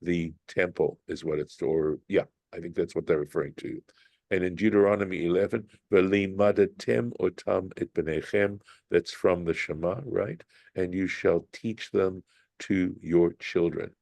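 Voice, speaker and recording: A man leading a Bible study class, explaining Hebrew grammar slowly and thinking aloud with frequent restarts. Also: low-pitched, steady tone, creaky, darkish tone, no echo.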